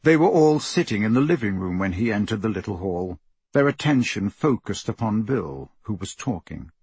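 A man narrates a story in a slow, measured way. His voice is husky and sits a bit low. The sound is dry and close to the mic. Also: very animated, a little mellow, no echo. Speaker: audiobook narrator. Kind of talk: scripted narration.

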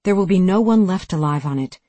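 A narrator voicing a forceful, impatient woman who served in the Marines and gives urgent, commanding orders in a sci-fi audiobook. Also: mid-range voice, expressive, fairly quick, no room sound, close to an everyday voice.

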